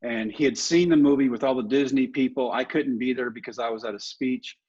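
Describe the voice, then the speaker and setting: A man in his fifties, a podcast guest and motivational speaker, telling lively, self-deprecating stories. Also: mid-range voice, brisk, breathy edge. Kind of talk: storytelling in a podcast interview. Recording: dull, muffled audio.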